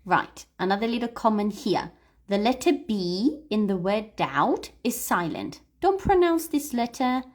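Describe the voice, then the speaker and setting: A woman's voice: medium pitch, very animated, a little slow. A woman teaching English pronunciation on a livestream, patiently explaining and modelling words for learners to repeat. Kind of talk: livestream read-aloud lesson.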